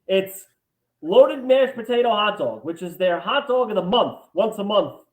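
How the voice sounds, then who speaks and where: A man co-hosting a podcast in casual chat, lively and quick to chime in. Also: high voice. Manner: lively, chatty, eager to chime in. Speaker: podcast co-host. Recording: echoey room.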